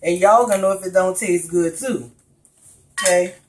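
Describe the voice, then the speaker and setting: A woman's voice: fairly low pitch, normal speed, noisy background. A woman with a New Orleans accent, talking through a recipe in her home kitchen and chatting directly with her viewers. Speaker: cooking vlogger. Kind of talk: casual cooking video.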